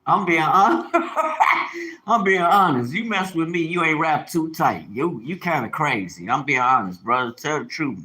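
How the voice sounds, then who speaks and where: A man chatting on a live stream in an animated, preachy, joking way, laughing often. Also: medium pitch, poor audio. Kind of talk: casual live-stream chat.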